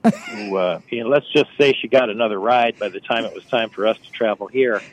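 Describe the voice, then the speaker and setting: A travel writer telling chatty, wry stories on a radio call. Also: male voice, lowish voice, fairly quick, slight background noise, rough recording. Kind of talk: phone-in radio chat. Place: on location outdoors by phone.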